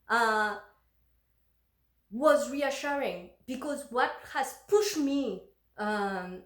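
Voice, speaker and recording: Woman retelling a story in an echoey room. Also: mid-range voice. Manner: emotional, animated retelling with many fillers and restarts. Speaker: vlogger telling a personal story. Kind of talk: casual personal storytelling.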